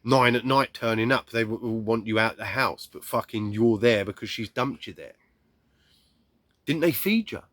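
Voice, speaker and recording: A man telling a raw personal story bluntly, swearing heavily and acting out shouts and quoted lines. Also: fairly low pitch, fairly even intonation, moderate pace, hardly any pauses, dry recording.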